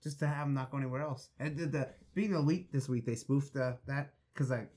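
A man's voice: mid-range voice, fairly even intonation, a little fast, darkish tone. A man co-hosting a casual podcast chat, laughing often and talking loosely with restarts. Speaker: podcast co-host.

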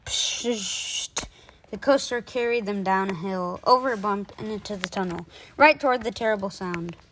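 A woman reading a children's chapter book aloud, expressive, with small stumbles and restarts. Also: mid-range voice, brisk, slight background noise. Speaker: reader.

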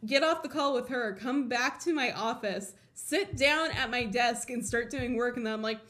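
A high-pitched woman from Colorado tells a chaotic everyday story on her podcast in a loose, chatty way. Her tone is bright and forceful, and she laughs and swears often. She acts out her own thoughts, jumping up for the punchlines. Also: moderate pace. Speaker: podcast host. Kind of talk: casual storytelling.

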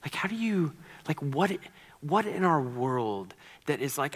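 A man delivers a sermon in a church sanctuary, talking in an earnest, conversational manner and often stumbling over repeated words. His voice sits a little high for a man. A long reverb trails each phrase. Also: big pitch swings, measured pace, a bit bright, breathy edge. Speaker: pastor.

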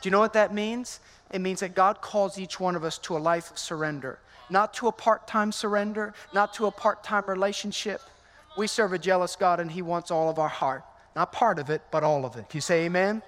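High-voiced energetic male pastor preaching. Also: fairly quick. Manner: energetic, conversational, calls out to the congregation. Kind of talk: lively sermon. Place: large church sanctuary. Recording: long hall reverb in a church.

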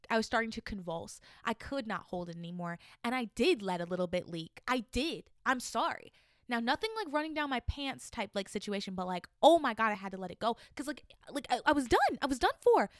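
A woman in her twenties hosting a solo podcast, reading listener stories aloud and reacting with loud, swearing outbursts. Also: mid-range voice, clear, resonant tone, no echo, clean studio sound. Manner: animated, swearing, reacting loudly. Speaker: podcast host.

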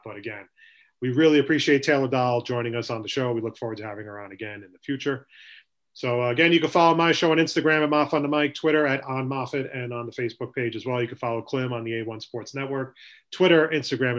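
A middle-aged man hosting a casual talk show, chatting and then signing off with brisk, upbeat patter. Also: medium pitch, a bit bright. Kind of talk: casual chat and show sign-off.

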